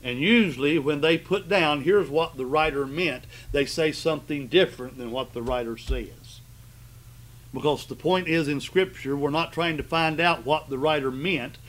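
A male pastor delivers a sermon in a somewhat high voice. He leans hard on repeated phrases and keeps turning to the congregation with "right?". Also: normal speed, fairly bright tone. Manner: emphatic, repeats and stresses key phrases, asks the congregation "right?".

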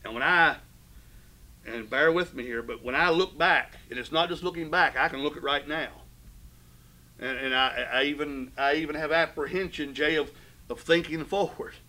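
A man preaching a sermon, fervent, swelling loud and dropping low as he drives his points home. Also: normal speed, low-quality recording. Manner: fervent preaching with sudden swells and drops in volume. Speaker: pastor.

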